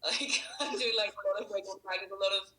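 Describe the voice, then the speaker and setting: A woman's voice: mid-range voice, fairly even intonation, fast, bright, forceful tone, low-quality recording. A woman with an Australian accent, chatting casually on a panel and laughing often. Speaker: actor on a panel.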